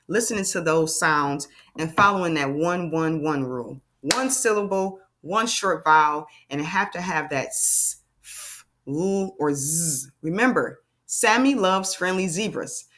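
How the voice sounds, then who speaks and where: A woman teaching a children's phonics lesson, upbeat and drawn-out, sounding out letters for young kids. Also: fairly low pitch, fairly bright tone, a little hiss or hum.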